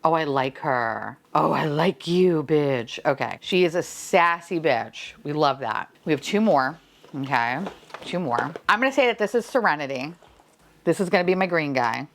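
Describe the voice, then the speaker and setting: Low-pitched and gravelly, this young woman's voice has lively intonation and a normal speed. She's an unboxing vlogger opening toys, gushing, gasping and squealing at every reveal and dropping casual swears.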